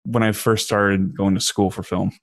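A man's voice: deep voice, level tone, moderate pace, dry recording, studio quality. A man hosting a podcast, talking in a laid-back, conversational way with filler words. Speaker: podcast host. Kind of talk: casual podcast interview.

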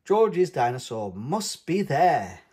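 A man's voice: on the high side, sing-song, slow, a little mellow, husky, heavily acted. A man doing a sighing little girl piglet. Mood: curious.

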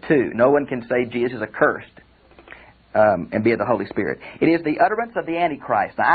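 A man's voice: mid-range voice, slightly rough. An older man, a pastor giving a conversational Bible commentary lecture and calling his listeners friends. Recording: tinny phone-like audio recording.

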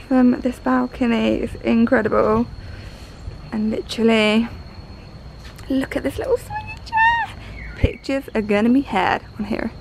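A young woman vlogging her trip, gushing excitedly as she shows off a hotel room on a handheld camera. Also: on the high side, vocal fry, a little hiss or hum, rough recording. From Ireland. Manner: excitable, gushing, breathless asides. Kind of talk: travel vlog.

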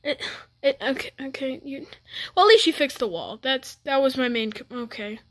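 A woman's voice: sits high, normal speed. A woman doing a comedic reaction to a music video, talking in bewildered, exasperated running commentary with frequent stammered restarts.

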